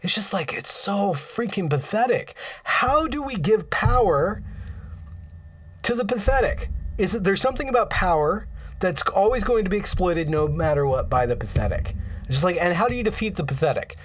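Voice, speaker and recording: A man's voice: sits high, animated, normal speed. A man hosting a casual livestream, rambling and getting impassioned, with frequent stammers and restarts. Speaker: livestream host.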